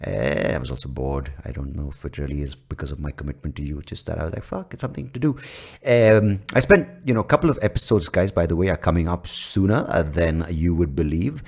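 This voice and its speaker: A man's voice: rumbling low, fast talker, few pauses, darkish tone. A man with an Indian accent hosting a solo comedy podcast, rambling and crude and poking fun at himself, on a mic with a pop filter. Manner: rambling, crude, self-mocking. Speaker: podcast host. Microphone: studio mic with pop filter.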